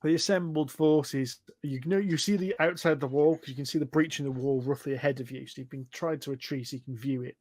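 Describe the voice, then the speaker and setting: A man's voice: mid-range voice, fast, few pauses, darkish tone. Chatty man as game master. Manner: chatty, laughs often, storytelling. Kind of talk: narrating a tabletop game.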